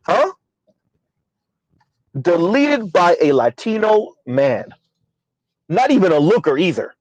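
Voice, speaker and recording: A man's voice: high voice, sing-song, measured pace, a little mellow, dry recording, low-quality recording. A man hosting a casual commentary stream, rambling with fillers, addressing his chat and calling himself by name in third person. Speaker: commentary channel host.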